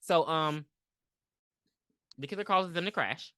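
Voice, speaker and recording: A woman's voice: low-pitched, unhurried, fairly bright tone, dry recording, studio quality. A young woman co-hosting a podcast, recapping a movie in casual chat and acting out the characters in big voices. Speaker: podcast co-host.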